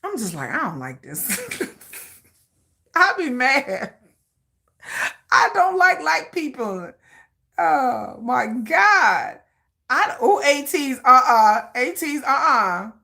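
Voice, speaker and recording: A woman hosting a casual livestream, her fairly high voice swooping widely as she rants playfully to her viewers. Her tone is bright and forceful, and she laughs often between dramatic asides. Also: drawn-out words, gravelly, long pauses. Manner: animated, laughing, reacting to viewer comments. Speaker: livestream host.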